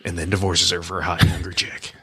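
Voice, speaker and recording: A man's voice: sits low, level tone, fast talker, pushed and bright, breathy edge, dry recording. An American man co-hosting a movie commentary podcast, wisecracking and laughing with his partner. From United States. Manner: wisecracking, playful, laughs often. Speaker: podcast co-host.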